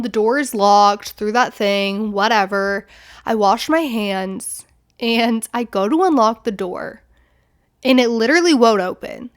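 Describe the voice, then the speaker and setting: Animated young woman, storytelling. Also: on the high side, smooth. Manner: animated, swearing, fillers like "like". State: recovering from an illness. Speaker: podcast host. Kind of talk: casual storytelling monologue.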